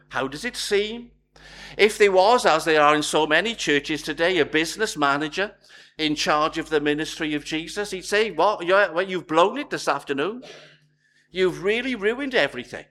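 Lively high-voiced male preacher. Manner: emphatic, builds points in repeated lists. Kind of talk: sermon.

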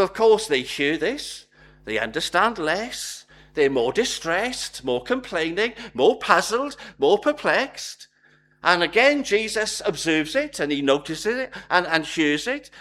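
A man's voice: sits high, fairly bright tone. A man preaching a sermon, emphatic, building his points in repeated lists.

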